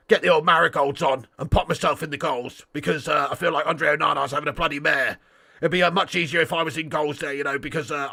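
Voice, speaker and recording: A man's voice: on the high side, gravelly, pushed and bright. A young man from Dorset, hosting a casual football livestream and reading comments with sweary, jokey banter. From Dorset, England. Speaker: football channel host.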